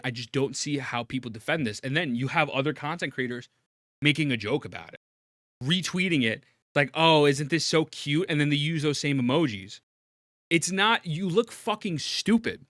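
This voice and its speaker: Male streamer host, angry profane reaction rant, bright timbre, dry sound. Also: mid-range voice, lively intonation, normal speed, no room sound. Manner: profane, ranting, rising to near-shouting. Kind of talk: heated reaction commentary.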